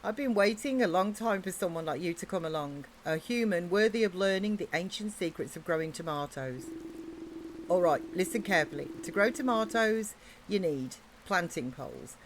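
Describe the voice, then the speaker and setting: A woman's voice: fairly low pitch, expressive, moderate pace, slight background noise. A woman with an English accent reading aloud the lines of a friendly, eager male orc farmer in a video game, in a chatty, encouraging way.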